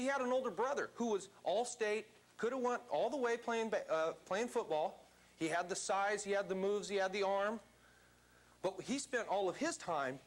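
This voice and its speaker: A man's voice: high-pitched, a bit bright. A man giving a motivational seminar talk to a live audience in a seminar room, speaking emphatically and quizzing the crowd.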